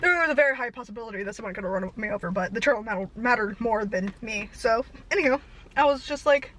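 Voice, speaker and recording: Breathless, fast-yapping young woman. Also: on the high side, expressive, fairly bright tone, poor audio. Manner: breathless, fast-talking, self-deprecating. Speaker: vlogger. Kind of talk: rambling storytime chat.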